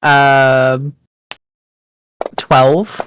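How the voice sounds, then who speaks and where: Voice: medium pitch, flat delivery, extremely slow, a bit bright, a little hiss or hum, rough recording. A player in a tabletop game, speaking hesitantly with frequent laughs.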